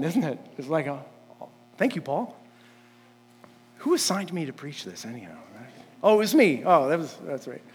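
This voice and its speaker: Earnest high-voiced pastor in a reverberant hall. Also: male voice, husky. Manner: conversational, frequent "like" fillers and restarts; earnest, building to emphatic points. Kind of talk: sermon. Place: church sanctuary.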